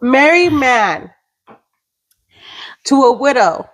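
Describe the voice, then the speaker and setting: Woman podcast co-host, fairly high voice, chatty reactor who mixes in Spanish. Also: lively intonation, extremely slow, fairly bright tone. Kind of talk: casual gossip chat.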